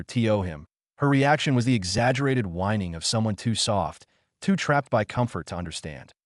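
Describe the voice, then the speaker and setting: A man narrating a fantasy story in a steady, even storytelling manner. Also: fairly low pitch, no room sound, studio quality. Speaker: audiobook narrator.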